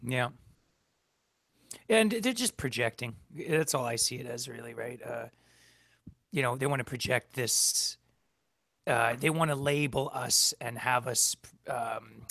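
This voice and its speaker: A man's voice: medium pitch, expressive, a little slow, gravelly, long pauses, a bit bright, no echo. A man hosting a casual livestream chat, rambling, heated and swearing a lot. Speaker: livestream host. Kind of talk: casual chat on a video call.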